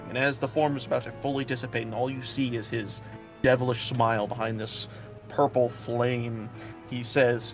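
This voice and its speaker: A man's voice: medium pitch, level tone, normal speed, faint music behind. A man running a tabletop game as dungeon master, narrating in a loose, chatty way with lots of fillers.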